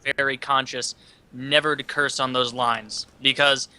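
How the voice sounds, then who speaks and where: A man on a podcast giving a wry, measured, mock-formal judgment in casual chat. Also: medium pitch, flat delivery, bright, forceful tone, clean tone, dry recording. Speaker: podcast co-host.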